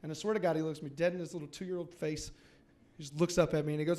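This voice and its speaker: A man's voice: a little high, level tone, fast, darkish tone. A young man from Louisiana doing a stand-up comedy set, telling a story with playful, punchy timing.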